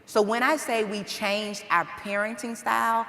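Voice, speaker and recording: A woman's voice: mid-range voice, moderate pace, pushed and bright. A woman speaking on a conference panel, candid and earnest, acting out bits of family dialogue. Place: conference hall. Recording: echoey hall, faint noise.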